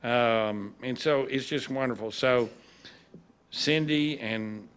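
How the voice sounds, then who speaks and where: A man's voice: mid-range voice, takes it slowly, a bit bright, clear, resonant tone. A man, a judge giving a folksy, humorous speech at a graduation ceremony.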